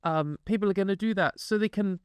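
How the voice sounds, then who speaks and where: Sarcastic woman ranting in a commentary vid, smooth clear voice, dry close mic. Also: mid-range voice, fairly quick, a little mellow, dry recording. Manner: sarcastic, exasperated, swearing. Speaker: commentary host. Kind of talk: casual video commentary.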